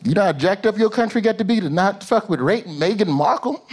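A male stand-up comedian, performing an animated set that swings from low asides to high shouted bits on a theater stage. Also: fast. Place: theater stage with a laughing audience. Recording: live show with loud crowd laughter and room noise.

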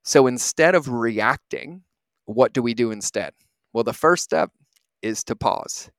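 A man's voice: mid-range voice, lively intonation, measured pace, no echo. A man in his thirties, a podcast host, giving an earnest, reflective motivational talk and often asking "right?".

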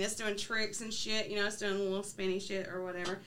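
A woman's voice: medium pitch, expressive, moderate pace, hardly any pauses, noisy background. A woman co-hosting a podcast, telling a story in casual chat, swearing freely, joking and laughing often. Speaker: podcast co-host.

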